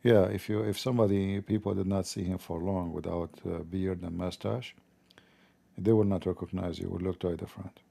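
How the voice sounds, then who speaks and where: Guy chatting on his stream, mellow dark voice, kinda rambly and jokey. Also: low voice, fairly even intonation, fairly quick, creaky. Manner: rambling, joking, talks to viewers. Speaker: live stream host. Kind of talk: casual live-stream chat.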